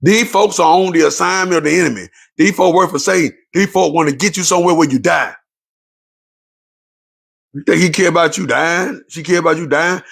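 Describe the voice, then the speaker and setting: High-pitched and brisk, this man's voice is a bit bright and husky, with vocal fry. He is a relationship commentator delivering a passionate, preachy monologue to viewers, and he repeats his points to underline them.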